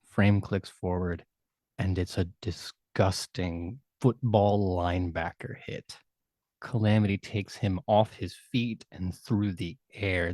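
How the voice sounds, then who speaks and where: A man narrating a tabletop role-playing game as game master, with vivid, measured storytelling and hushed dramatic turns. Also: sits low, dry recording.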